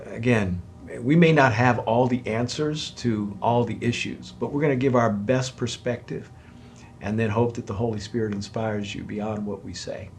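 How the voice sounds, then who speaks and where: Animated man pastor, faint hiss. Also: medium pitch, moderate pace. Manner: animated, jokes about his own loudness. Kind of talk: conversational Q&A on marriage.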